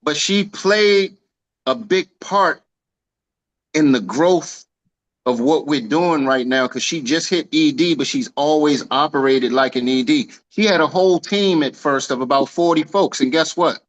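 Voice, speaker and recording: A man giving a casual celebratory speech on a video call, telling a lively slangy story and acting out the dialogue. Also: a little high, measured pace, highs cut off. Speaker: team leader honoring an agent.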